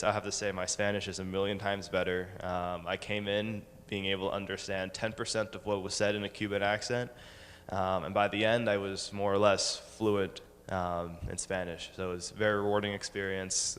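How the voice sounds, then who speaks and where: A college-age man giving a slide talk to a congregation, pausing often with ums and uhs. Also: low-pitched, fairly bright tone, long reverb tail. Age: 20s. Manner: hesitant, many ums and uhs. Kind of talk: presentation with slides. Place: synagogue hall.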